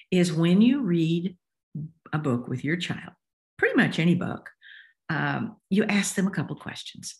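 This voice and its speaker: An older woman, an author talking as a guest in an interview, explaining warmly and acting out voices as she goes. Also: on the low side, creaky. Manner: expressive, acts out voices while explaining. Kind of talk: interview conversation.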